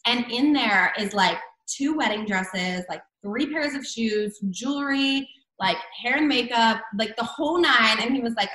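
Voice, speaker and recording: A fairly high-voiced woman tells a story in a relaxed, chatty way, filling her sentences with "like." The sound is roomy and echoey. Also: measured pace. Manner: chatty, many fillers and "like". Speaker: guest. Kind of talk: casual storytelling.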